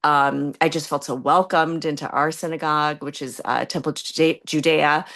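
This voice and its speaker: Chatty woman with a lowish voice. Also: fairly even intonation, moderate pace, fairly bright tone. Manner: chatty, friendly, laughs between phrases. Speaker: chef, interview guest. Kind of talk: casual conversational interview.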